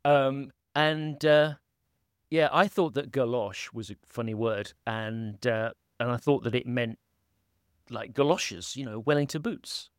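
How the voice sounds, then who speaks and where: A man hosts a podcast in a relaxed, rambling chat, joking at his own expense and trailing into fillers. His voice sits at an ordinary middle pitch. The sound is dry and close, with no room echo. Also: a little slow, smooth. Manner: rambling and self-deprecating, many fillers. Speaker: podcast host. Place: holiday home indoors, at a laptop.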